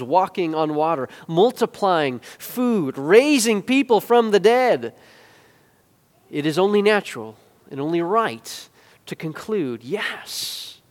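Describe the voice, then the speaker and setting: A man preaching with animated swings between hushed asides and loud, emphatic climaxes. His voice sits a little high for a man and rings out with a long hall reverb, as if recorded in a church sanctuary. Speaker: pastor. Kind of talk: sermon.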